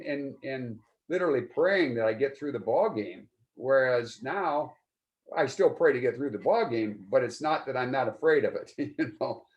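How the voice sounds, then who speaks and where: An older man in his seventies, talking things through in a relaxed interview. His voice sits at an ordinary middle pitch, and he comes across earnest and a bit rambling, circling back and restarting his thoughts as he goes. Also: normal speed, highs cut off. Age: 70s. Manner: earnest, rambling, with many repeated starts. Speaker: client giving a testimonial. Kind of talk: casual interview.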